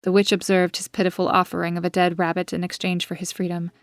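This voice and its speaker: A woman author reading her own gothic story in an even, measured narration. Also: fairly low pitch, dry recording, faint music behind. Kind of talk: scripted audiobook narration.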